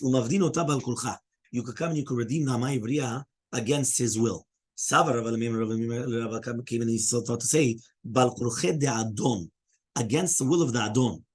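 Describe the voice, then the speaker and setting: A rabbi with a husky voice of medium pitch teaches a Talmud study class. Explaining step by step, he responds to students' questions and often pauses to say "right?".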